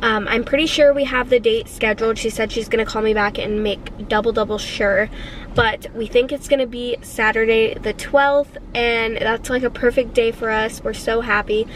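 A pregnant woman in her twenties talks straight to the camera for her family vlog. Her voice sits a little high, and she gushes emotionally while rambling through plenty of fillers. A faint background noise runs underneath. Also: fairly even intonation, normal speed, low-quality recording. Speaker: family vlogger. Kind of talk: casual vlog chat.

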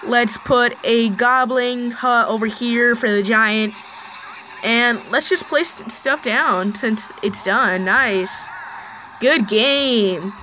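A woman giving chatty, live play-by-play commentary on her own mobile game match, with excited bursts. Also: on the high side, takes it slowly, a little hiss or hum, low-quality recording. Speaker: gaming channel host.

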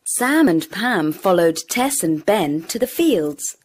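A woman narrating a children's story in a slow, clear and expressive way. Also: lowish voice.

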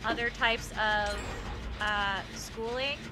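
A woman streaming a game, chatting casually and often yelling at the action. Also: on the high side, fairly even intonation, slow, over music. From United States. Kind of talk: casual gaming stream chat.

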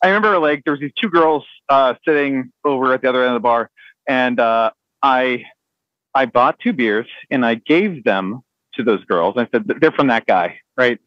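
A man's voice: medium pitch, normal speed, no echo, dull audio. A man telling a navy story on a podcast in a rambling, laughing way, full of fillers and restarts. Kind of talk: casual storytelling among friends.

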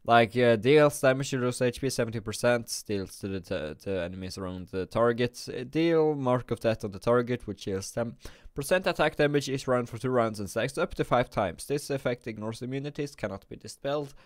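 Sleepy male game commentator, mid-pitch, dry close sound, rambling and self-correcting. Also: a little fast, no room sound. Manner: rambling, thinking aloud with frequent restarts. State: drowsy, just woke up and yawning. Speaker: gaming video creator.

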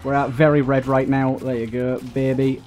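A man's voice: medium pitch, level tone, moderate pace, a little mellow, faint music behind. A young man giving casual, rambling let's-play commentary while playing, exasperated and restarting often, with lots of fillers. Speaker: gaming YouTuber.

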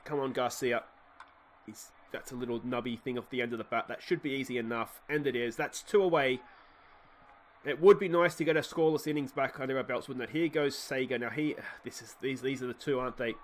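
An Australian man giving excitable play-by-play commentary on a baseball sim game, swinging from muttered asides to shouted cheering at a desktop microphone. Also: medium pitch, brisk, slight background noise. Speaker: let's play host.

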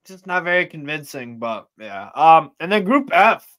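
Bright-voiced man in easygoing football chat. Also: on the high side, sing-song, normal speed. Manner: teasing, easygoing. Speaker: podcast co-host.

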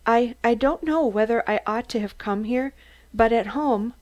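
A woman's voice: on the high side, normal speed, a little mellow, no room sound, pitched above the performer's own voice, close to an everyday voice. A woman voicing a nervous young male valet who stammers and hesitates.

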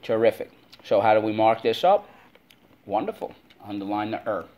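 A man's voice: lowish voice, animated, moderate pace, darkish tone. A man teaching a spelling lesson to kids, drilling words in call-and-response and stretching them out syllable by syllable.

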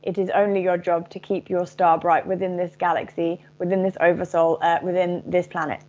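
A woman channeling a collective of benevolent spirit beings in a gentle, reassuring manner, calling listeners dear ones. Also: fairly low pitch, level tone, brisk, dull audio, natural voice. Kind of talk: channeled message.

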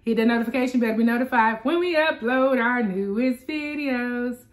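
A woman hosting an eating show from a home man cave, chatting in a relaxed way and talking straight to her viewers. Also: a little high, moderate pace. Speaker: mukbang host. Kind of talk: casual eating-show chat.

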